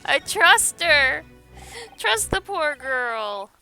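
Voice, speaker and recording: A woman's voice: sits high, unhurried, bright, forceful tone, soft background music. A woman voicing an earnest young male law student who speaks sincerely and reassuringly. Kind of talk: game dialogue read aloud.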